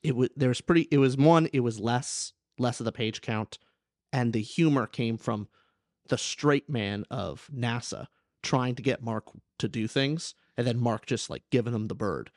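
A man's voice: medium pitch, moderate pace, no echo, clean studio sound. A young man hosting a podcast, chatting animatedly about a book and acting out voices as he talks. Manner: animated, acts out quoted characters. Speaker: podcast host. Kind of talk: casual book discussion.

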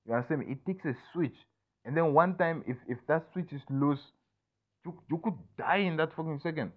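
A man's voice: a little high, brisk. A young man in a candid, rambling personal monologue, swearing often and restarting sentences, who keeps asking "you understand me?". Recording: tinny phone-like audio.

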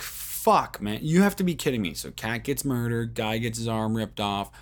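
A man's voice: medium pitch, a little mellow. A man hosting a podcast, telling a rambling story in casual talk, with heavy swearing and many fillers like "like" and "um". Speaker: podcast host.

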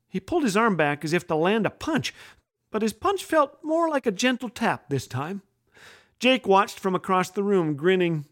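A man's voice: sits high, sing-song, normal speed. A man hosting a humor show, reading his own children's story aloud with a playful, jokey delivery. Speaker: host and storyteller.

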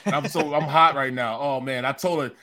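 A middle-aged man co-hosting a sports talk show, telling a story with animated, joking exasperation. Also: medium pitch, normal speed. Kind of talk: casual sports talk banter.

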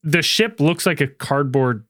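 Man, high voice, very lively pitch, bright tone, dry close sound, animated casual chat. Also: unhurried. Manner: animated, swearing, mimics lines in voices. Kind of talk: casual chat reviewing a film.

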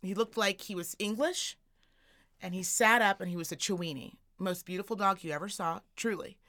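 A podcast co-host with a mid-range voice spins a long story in casual conversation at normal speed. She's animated, performing the voices of the characters she describes.

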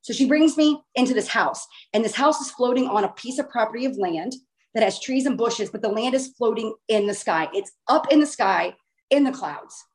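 A woman casually telling a long personal story in a chatty, animated way, with the odd swear word. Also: on the high side, normal speed.

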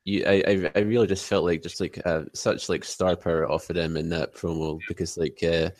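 A man co-hosting a casual wrestling podcast, talking haltingly with constant fillers. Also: deep voice, level tone, no room sound. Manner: halting, heavy use of "like". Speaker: podcast co-host.

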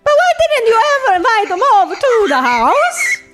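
A woman's voice: a little high, little pitch movement, drawn-out words, mellow, soft background music. A woman playing an adult daughter in an improv scene, pressing her father with earnest questions.

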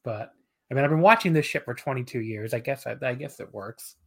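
A man's voice: mid-range voice, fairly quick, creaky, breathy edge. A man appearing as a guest on a podcast, talking casually and rambling, often laughing at himself. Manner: laughing, rambling, self-deprecating.

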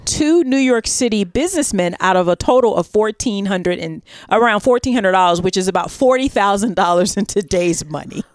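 Animated woman telling a story. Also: medium pitch, brisk, few pauses, dry recording. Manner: animated, playful storyteller with laughs. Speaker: podcast co-host. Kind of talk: casual storytelling chat.

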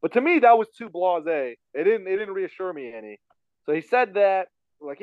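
A man with a high voice rattles through a personal story at a quick clip, circling back and repeating himself. The sound is dry and a little dull, recorded close with no room around it. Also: animated, dry recording. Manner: rambling, repeats himself, frequent fillers. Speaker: podcast guest telling a story. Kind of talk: casual storytelling chat.

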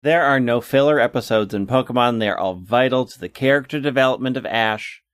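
A man with an ordinary middle-pitched voice trading wry jokes in casual podcast banter. His teasing sounds mock-offended, and the mic is close and dry. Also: brisk, fairly bright tone, clean tone, no room sound. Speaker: podcast co-host. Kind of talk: casual chat.

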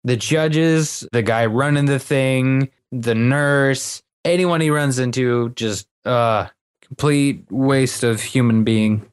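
Male podcast co-host, mid pitch, casual and sarcastic, exasperated. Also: slow, clear, resonant tone. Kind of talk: casual chat.

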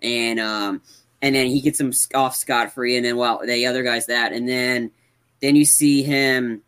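A man's voice: mid-range voice, fairly even intonation, normal speed, a bit bright, clear, resonant tone. A man co-hosting a podcast, casually retelling movie scenes in a rambling way full of fillers. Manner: rambling, many fillers like "like" and "yeah". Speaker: podcast co-host. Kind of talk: casual chat recapping a film.

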